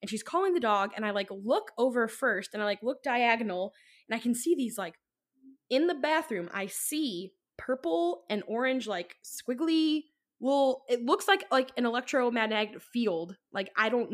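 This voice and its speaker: A young woman with a fairly high voice tells a story on a podcast in loose, rambling chat. She leans on fillers and drops the odd swear word. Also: animated, moderate pace, fairly bright tone. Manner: rambling, full of likes and ums, swears freely. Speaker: podcast co-host.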